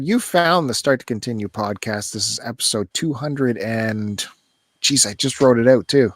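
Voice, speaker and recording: A man's voice: medium pitch, moderate pace, no echo. A man co-hosting a podcast over a call, chatting casually in a joking, sarcastic way. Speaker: podcast co-host.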